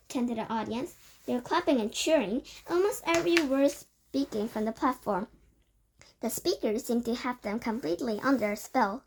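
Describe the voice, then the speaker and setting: A woman's voice: fairly high pitch, moderate pace. A woman reading a children's book aloud, narrating steadily. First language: Korean. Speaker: reader.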